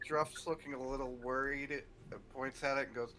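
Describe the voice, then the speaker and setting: A man playing a tabletop role-playing game, describing his character in a hesitant, halting way. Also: medium pitch, fairly even intonation, bright, forceful tone, slight background noise. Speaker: player.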